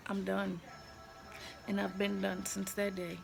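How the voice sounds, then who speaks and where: Gravelly-voiced woman vlogging from a hospital room. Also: medium pitch, completely flat delivery, unhurried, music in the background. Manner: frank, emotional, blunt and slangy. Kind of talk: candid personal storytelling to camera. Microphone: handheld phone camera. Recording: noisy room ambience.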